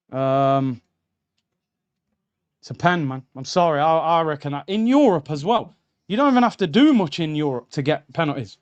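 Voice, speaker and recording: A young man, voice sitting a bit high, streaming a live football watchalong. He reacts indignantly and talks straight to his viewers, calling them lads and bro. The voice is close and clear on a streaming mic. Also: highs cut off. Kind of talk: live match watchalong commentary.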